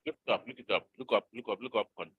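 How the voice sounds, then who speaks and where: A man's voice: on the low side, rapid-fire, breathy edge, dry recording, narrow, tinny audio. Man teaching a lesson. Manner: questioning, coaxing students to answer. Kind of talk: classroom English usage lesson. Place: classroom.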